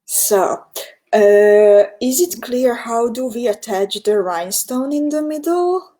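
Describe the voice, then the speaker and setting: Slow, mellow Hungarian-accented woman. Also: fairly high pitch. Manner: chatty, reads viewer comments aloud, laughs often; step-by-step instruction. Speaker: beading instructor. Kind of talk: live-stream craft tutorial.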